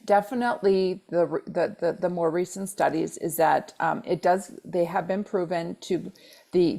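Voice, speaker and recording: Woman with a low gravelly voice. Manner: animated, acts out quoted dialogue with repeated exclamations. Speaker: podcast co-host. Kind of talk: casual storytelling chat.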